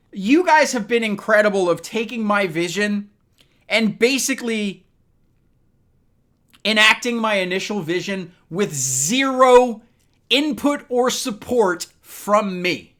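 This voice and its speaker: A man hosting a relaxed live stream from his home setup. He rambles and starts over, addressing his chat directly. He is a little loose from sipping bourbon. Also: sits high. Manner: rambling, talks to chat by name, tipsy from bourbon.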